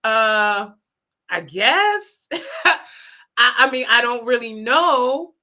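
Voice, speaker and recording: A woman host casually telling a personal story, animated and laughing often as she talks. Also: a little high, drawn-out words.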